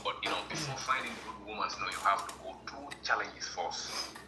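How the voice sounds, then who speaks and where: A man's voice: on the low side, a little fast, echoey room, very noisy. A man from Gambia, a guest on a livestream, speaking earnestly and repeating himself with lots of "you know". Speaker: guest caller. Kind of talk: casual chat.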